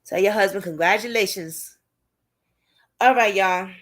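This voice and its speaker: A woman with a mid-range voice speaks a little slowly while hosting a casual livestream. She reacts to what she reads, stays animated and chatty, and talks directly to viewers as a host and advocate.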